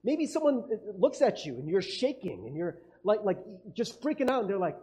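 A man's voice: high-pitched, very animated, moderate pace, dark tone. A man preaching a conversational sermon as a pastor, chatty and casual, acting out quoted voices and laughing often. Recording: dull lo-fi sound.

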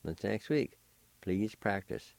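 Slow, patient man with a deep voice. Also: expressive, vocal fry, a little mellow, no room sound. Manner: slow, patient, careful letter-by-letter spelling. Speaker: language teacher and radio host. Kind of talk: slow spelling and pronunciation lesson.

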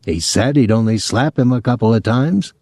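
A man's voice: medium pitch, expressive, normal speed, darkish tone, no room sound, clean studio sound. A man doing a mild placid husband. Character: placid middle-aged husband bystander.

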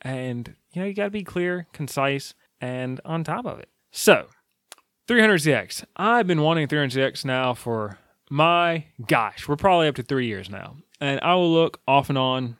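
Casual monologue guy, rambling and opinionated, fairly high pitch, dry sound. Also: expressive, normal speed, a bit bright, no room sound. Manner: chatty, opinionated, lots of fillers and asides.

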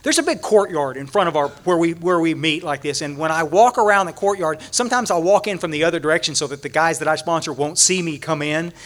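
Man, high voice, recovery conference talk, animated storytelling, frequent restarts. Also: fast, few pauses. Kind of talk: storytelling talk to a large audience.

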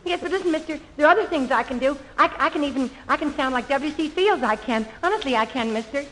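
A woman's voice: high-pitched, quick pace, a bit bright, faint music behind, rough recording. Woman as an eager stammering young hopeful. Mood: pleading. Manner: pleading, stammering. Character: eager young woman hunting for acting work. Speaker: comedienne. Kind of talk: 1940s radio comedy sketch.

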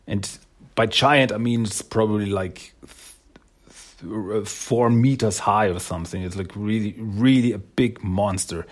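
A man casually retelling a story, rambling and correcting himself as he goes. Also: on the low side. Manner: rambling, self-correcting, laughs often.

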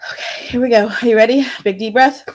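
A woman's voice: fairly high pitch, fairly even intonation, fast. A woman co-hosting a casual group chat, bubbly and giggly as she rants. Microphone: video call.

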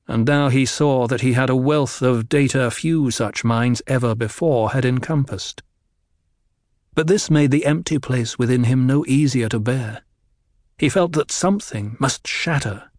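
A man giving scripted audiobook narration in a measured, even way. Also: mid-range voice, no room sound, clean studio sound.

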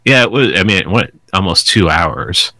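A man's voice: sits low, animated, moderate pace, bright, forceful tone, no echo. A man chatting as a podcast guest, telling rambling stories with lots of restarts. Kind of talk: casual chat.

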